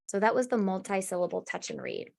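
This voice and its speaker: A woman's voice: medium pitch, sing-song, fast, vocal fry, a little mellow. A woman presenting a webinar on reading instruction, explaining strategies step by step in a conversational, instructive way. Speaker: former classroom teacher and coach.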